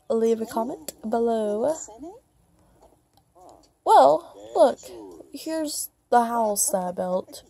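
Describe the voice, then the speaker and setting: Slow, gravelly-voiced woman chatting through gameplay. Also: a little high, warm tone. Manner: chatty and rambling, with light self-mocking asides. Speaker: gameplay vlogger. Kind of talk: casual gameplay commentary.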